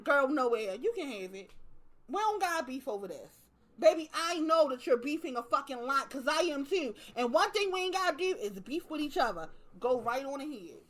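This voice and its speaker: A young woman, talking casually to her viewers in a profane, animated way and acting out little scenes. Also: high voice, moderate pace. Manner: profane, animated storytelling with acted asides. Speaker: channel host. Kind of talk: casual monologue to camera.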